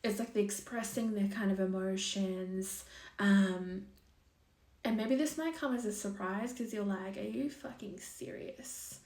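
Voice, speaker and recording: Young woman, casual tarot reader, rambling and chatty, curses now and then, mid pitch, echoey room. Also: a little slow, a little mellow, far from the mic. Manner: chatty and thinking aloud, swears, full of likes and ums. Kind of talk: casual tarot reading monologue.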